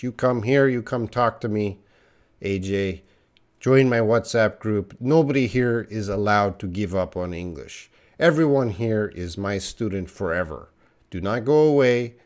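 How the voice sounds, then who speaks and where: Encouraging male English teacher live. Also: fairly low pitch. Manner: encouraging, talks straight to viewers, repeats names. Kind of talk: live-stream English lesson, reading chat aloud.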